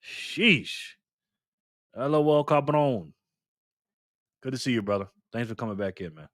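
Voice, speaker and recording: A man's voice: mid-range voice, expressive, measured pace, fairly bright tone, dry recording, studio quality. A man hosting a casual live stream, greeting chat members by name and teasing them in a playful way.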